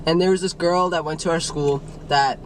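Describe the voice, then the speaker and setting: A young man telling a personal story in casual chat, relaxed and hesitant, with many fillers. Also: fairly high pitch, fairly quick, a little hiss or hum.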